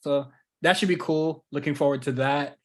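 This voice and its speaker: A man's voice: fairly high pitch, steady tone, normal speed. A man co-hosting a wrestling podcast in loose, joking, profane casual chat. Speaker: podcast co-host.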